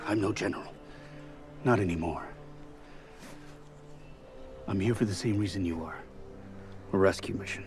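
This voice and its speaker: An actor playing a calm retired old general. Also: male voice, deep voice, moderate pace, long pauses, natural voice. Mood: calm, resolved. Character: older retired male general, calm, wise, steady. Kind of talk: live-action series drama. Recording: film clip with score underneath. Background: orchestral music.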